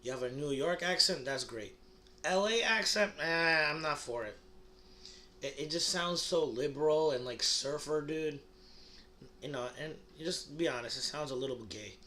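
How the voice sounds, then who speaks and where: A man's voice: on the high side, moderate pace, sharp tone. A young man from the United States delivering a rambling, crude comedic monologue, full of fillers and restarts. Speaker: comedy vlogger.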